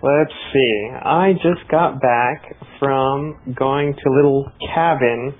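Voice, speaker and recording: A man co-casting a live video game match, giving analysis with dry jokes in a relaxed, chatty way. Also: medium pitch, takes it slowly. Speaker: esports co-caster. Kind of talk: casual live game commentary. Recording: tinny phone-like stream audio.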